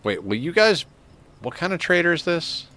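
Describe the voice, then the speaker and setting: A man's voice: a little high, very animated, normal speed, pushed and bright. Rambling, cursing male game streamer. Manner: rambling, profane, chuckles often. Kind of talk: casual live-stream game commentary.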